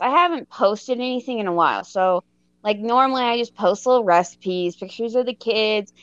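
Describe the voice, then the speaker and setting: A woman in her thirties tells a story on a casual co-hosted chat, with a smooth, clear voice pitched a little high. She talks slowly and animatedly and pokes fun at herself. The close, dry sound is slightly dull and lo-fi. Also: no echo. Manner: animated, self-mocking, often laughing mid-story. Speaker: podcast co-host.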